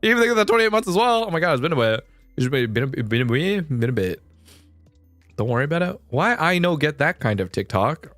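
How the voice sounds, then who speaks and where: A man's voice: on the high side, big pitch swings, a little fast, a bit bright, dry recording, faint music behind. Rambling young man on a stream. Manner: rambling, restarts often, swears casually. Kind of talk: casual late-night stream chat.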